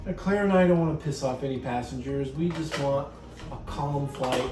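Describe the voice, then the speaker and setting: A man's voice: mid-range voice, normal speed. A man hosting a comedic casual vlog, talking in a jokey, self-mocking way. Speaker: host. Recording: roomy sound from a distance with music.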